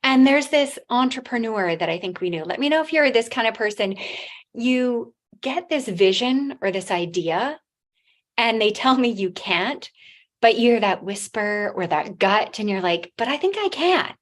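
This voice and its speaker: Middle-aged woman, non-native English accent, slightly high voice; motivational stage speaker, halting and restarting, acts out quotes. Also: expressive.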